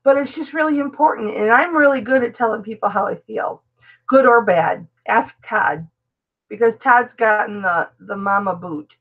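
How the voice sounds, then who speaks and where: A middle-aged woman talks warmly and at length to her live-stream viewers, calling them baby and answering their comments. Her voice sits a little high. The sound is thin and phone-like. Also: normal speed. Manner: chatty, affectionate, reads and answers viewer comments aloud. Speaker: live-stream host, reseller. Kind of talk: casual live-stream chat.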